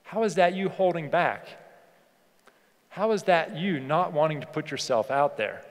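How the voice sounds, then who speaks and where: A man's voice: on the high side, animated, measured pace. A man giving a motivational keynote speech on a conference stage, emphatic and repeating phrases for effect. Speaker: keynote speaker. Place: large conference hall. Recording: long hall reverb from a PA.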